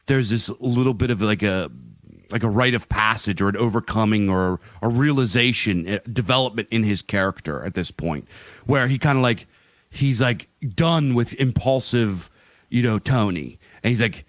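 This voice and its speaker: A man's voice: fairly low pitch, normal speed, no room sound, clean studio sound. A middle-aged man co-hosting a podcast in casual chat, rambling and swearing with many fillers and restarts. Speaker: podcast co-host.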